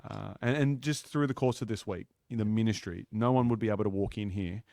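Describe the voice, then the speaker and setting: A man's voice: on the low side, a little fast, gravelly, darkish tone, no echo, studio quality. A man hosting a casual interview, encouraging and affirming his guest. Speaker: host.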